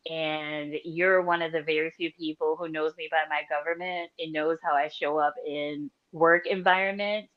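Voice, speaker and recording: A woman's voice: deep voice, steady tone, normal speed, hardly any pauses, highs cut off. A woman co-hosting a casual faith podcast, talkative and laughing often as she chats with her friend. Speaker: podcast co-host.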